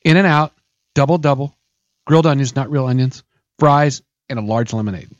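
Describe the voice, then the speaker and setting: A man's voice: medium pitch, brisk, no echo, muffled recording. A man hosting a podcast in a studio, talking in a loose, profane, rambling way. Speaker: podcast host. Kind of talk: casual podcast chat.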